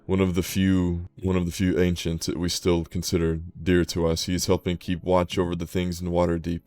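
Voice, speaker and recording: A man voicing an ancient, stern male unicorn who speaks slowly and solemnly in a tabletop game. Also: sits low, monotone, a little mellow, dry recording, natural voice. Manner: slow, solemn, measured. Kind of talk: tabletop game role-play.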